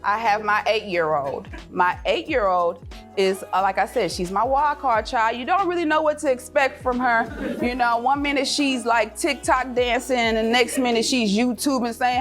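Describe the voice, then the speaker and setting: A woman's voice: normal speed, a bit bright, faint music behind. Passionate woman giving an uplifting faith-filled speech. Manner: passionate and preachy, mixing faith with business advice; swings into high, laughing voices when quoting her kids and herself. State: emotional, near tears at times. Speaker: event speaker. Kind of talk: motivational speech to a live audience. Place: event room with an audience.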